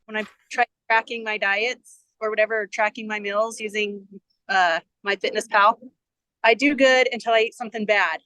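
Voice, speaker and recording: A woman's voice: mid-range voice, steady tone, moderate pace, bright, forceful tone, no room sound, low-quality recording. A woman guest on a podcast, explaining a personal struggle plainly, with some hesitation. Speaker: podcast guest asking for coaching. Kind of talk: casual conversation.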